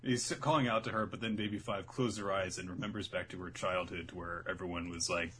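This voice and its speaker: A man co-hosting a casual chat, recapping a show in an animated, profane way. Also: low voice, moderate pace, few pauses, a little hiss or hum. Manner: animated, profane, laughs often. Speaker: co-host.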